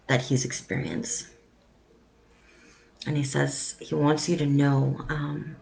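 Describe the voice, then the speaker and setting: A woman psychic medium giving a live-streamed reading in a soft, halting delivery with frequent pauses and ums. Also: a bass voice, gravelly, poor audio.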